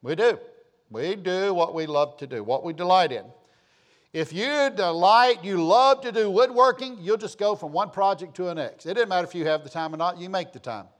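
An older man preaching a sermon as pastor, emphatic and calling for amens, his voice dropping from loud bursts to hushed lines. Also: high voice, moderate pace.

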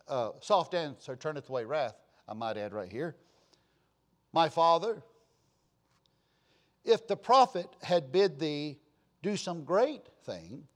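High-voiced man preaching emphatically. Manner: emphatic preaching with sudden loud high bursts and quiet asides; folksy, repeats phrases for emphasis. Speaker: pastor. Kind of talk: sermon.

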